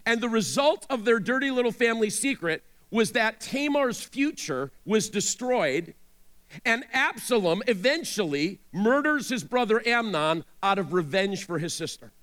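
A man's voice: high voice, animated, normal speed, fairly bright tone. A male pastor preaching a sermon, retelling a scripture story with dramatic storytelling and direct asides to his listeners.

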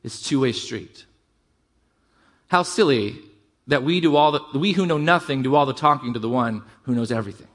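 A middle-aged man preaching a sermon to his congregation, conversational with rising emphasis and quick asides. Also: medium pitch, a bit bright. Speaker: pastor.

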